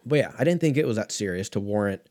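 A man's voice: on the low side, lively intonation, fast talker, a little mellow. A man from California hosting a casual storytelling monologue, talking in a profane, rambling way and drifting off on tangents. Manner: profane, rambling, easily sidetracked. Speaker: host.

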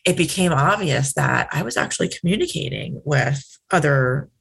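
Low gravelly woman, chatty storyteller. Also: huge pitch swings, moderate pace, a bit bright. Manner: chatty, many fillers and restarts, acts out quoted exchanges. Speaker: psychic medium guest. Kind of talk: conversational storytelling interview.

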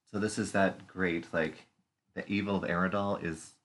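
A man's voice: sits low, fairly even intonation, normal speed, fairly bright tone. A man co-hosting a podcast, chatting casually about a TV episode and making playful jokes. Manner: playful, puts on silly voices and puns. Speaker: podcast co-host. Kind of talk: casual chat recapping a TV episode.

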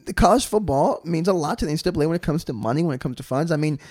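Young male guest, casual chat, lively and talkative, dry close-mic. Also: on the high side, very fast, no room sound. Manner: animated, storytelling, says "you know" often. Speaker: podcast guest.

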